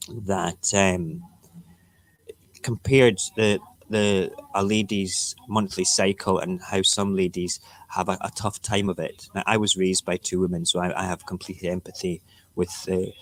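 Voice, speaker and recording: A man hosting a casual morning talk show, ranting and rambling in an opinionated way. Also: sits low. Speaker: radio show host.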